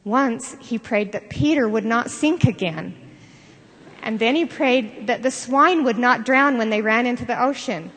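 An older woman giving a sermon, telling stories in an earnest, measured way. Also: medium pitch. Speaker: devotional speaker. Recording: long reverb of a large hall.

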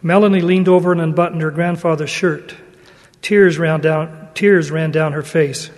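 A man giving an earnest, measured sermon and reading a story aloud. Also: fairly high pitch, fairly even intonation. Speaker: religious speaker. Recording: long hall reverb.

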